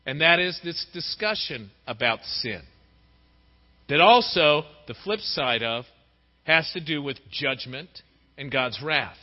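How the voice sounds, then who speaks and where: Middle-aged male preacher, high-pitched and expressive; muffled sound with long hall reverb. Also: slow pace. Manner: lively, acts out quoted voices. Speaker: pastor. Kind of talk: sermon. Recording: dull recording in a reverberant hall.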